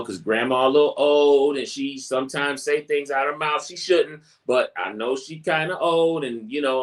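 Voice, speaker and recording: A man hosting a podcast, giving casual advice in a conversational way, often repeating phrases and restarting sentences. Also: mid-range voice. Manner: acts out quoted family chatter in brighter voice. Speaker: podcast host.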